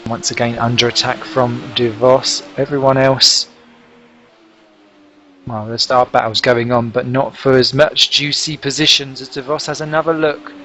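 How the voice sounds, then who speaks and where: A man giving lively, jokey play-by-play commentary on a sim race broadcast. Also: mid-range voice, moderate pace, a little hiss or hum. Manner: excitable, jokey, chatty play-by-play. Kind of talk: live sim racing commentary.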